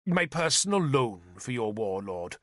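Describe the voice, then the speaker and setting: A man voicing a self-pitying bishop who wails, pleads and snaps in a high, strained voice. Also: big pitch swings, measured pace, fairly bright tone, dry recording, clean studio sound. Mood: wheedling. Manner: wailing, melodramatic, pleading. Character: shrill, hysterical, self-pitying old bishop.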